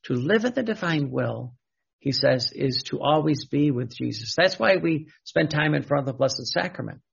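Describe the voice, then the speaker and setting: A man's voice: fairly high pitch, animated, moderate pace, vocal fry, breathy edge. A man preaching a sermon, repeating questions and restarting phrases as he teaches. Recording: dull lo-fi recording.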